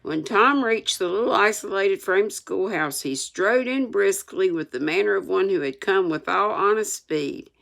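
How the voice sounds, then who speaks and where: A woman's voice: medium pitch, normal speed, vocal fry, few pauses, a bit bright. An older woman reading a classic novel aloud, adding homespun, chatty asides. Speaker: storyteller.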